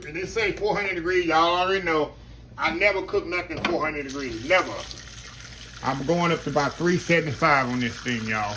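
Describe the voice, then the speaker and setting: A man's voice: fairly high pitch, bright, forceful tone, slight background noise, low-quality recording. A man hosting a casual home cooking vlog, chatty and folksy, talking to viewers as y'all in his kitchen. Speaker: home cooking channel host.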